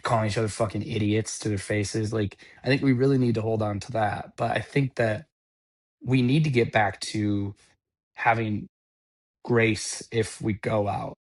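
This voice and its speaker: A man's voice: fairly low pitch, steady tone, normal speed. A man who works in restaurants giving a blunt, profane, preachy rant. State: sober. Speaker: restaurant worker. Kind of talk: unscripted rant.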